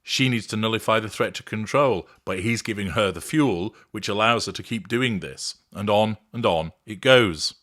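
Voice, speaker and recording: A man with a slightly low voice delivers a measured, clinical commentary, explaining each move in a recorded argument. The sound is dry and close, with no room around it. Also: fairly bright tone, no echo. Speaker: host analysing a recorded argument. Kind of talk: analytical commentary.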